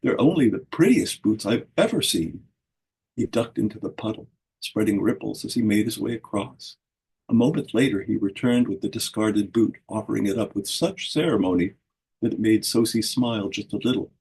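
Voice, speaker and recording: A man reads a fairy tale aloud in a low, gravelly voice. His tone is deeply husky, and he shifts expressively into the characters' voices. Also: fairly even intonation, a little fast, a little mellow, low-quality recording. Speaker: reader at a book launch. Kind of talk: storybook reading.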